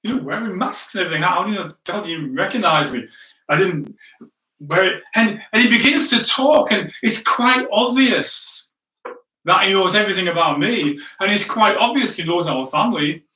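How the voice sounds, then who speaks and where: A man with a high, expressive, bright and forceful voice preaches at a moderate pace, a pastor telling a chatty story at his own expense. He checks in with "right?" again and again, heard from a distance in an echoey room.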